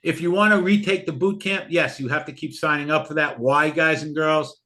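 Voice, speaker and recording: An older man hosting a live online trading class who pitches the course in a pushy, heartfelt, repetitive way over a video call. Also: steady tone, normal speed, pushed and bright.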